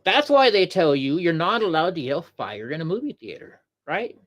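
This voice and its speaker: A man's voice: fairly high pitch, very animated, normal speed, a bit bright. A man hosting a livestream show, giving heated, rambling political commentary, repeating himself and answering viewers in the chat. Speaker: host.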